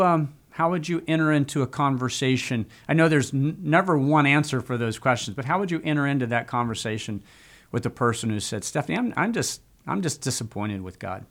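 A man's voice: mid-range voice, fairly bright tone. A man hosting a faith interview, conversational, leaning on key words and often adding "right?". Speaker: host.

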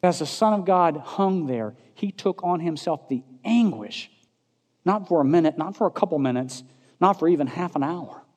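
A man preaching a sermon with passion, swinging from loud, rising declarations to hushed, intense lines. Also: on the high side, animated, moderate pace. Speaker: pastor. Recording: long hall reverb.

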